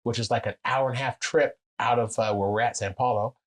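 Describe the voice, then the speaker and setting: Husky-voiced man telling profane stories. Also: fast talker, low-quality recording. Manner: animated, profane, acts out quotes with big pitch jumps. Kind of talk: casual storytelling chat.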